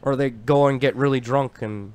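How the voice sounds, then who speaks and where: A young man from Chicago on a podcast, joking and quick to defend himself in casual chat. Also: mid-range voice, steady tone, a crowd in the background. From Chicago area.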